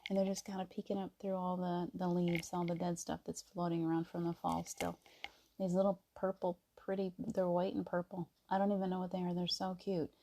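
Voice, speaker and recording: Gentle low gravelly woman greeting viewers. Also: level tone, a little fast, a little hiss or hum. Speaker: live stream host. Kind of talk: casual spiritual chat on a live stream. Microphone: device mic on a video stream.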